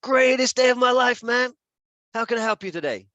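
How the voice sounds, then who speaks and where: Guy doing a super cheery loud dude on the phone, way up high. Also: completely flat delivery, moderate pace, clean tone, dry recording, lo-fi sound, natural voice. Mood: overjoyed. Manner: booming, enthusiastic. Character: upbeat overjoyed friendly man on the phone.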